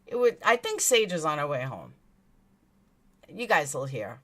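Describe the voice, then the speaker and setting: A woman's voice: sits low, very animated, unhurried, fairly bright tone. A woman with a New York accent hosting a true crime livestream, reading chat aloud and answering in a blunt, indignant way, swearing freely. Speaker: true crime commentary host.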